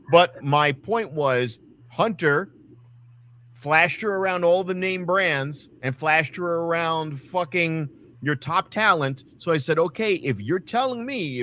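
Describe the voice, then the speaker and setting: Ranting profane man, higher voice. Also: sharp tone. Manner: ranting, profane, acts out quotes. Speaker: podcast co-host. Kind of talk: casual wrestling chat.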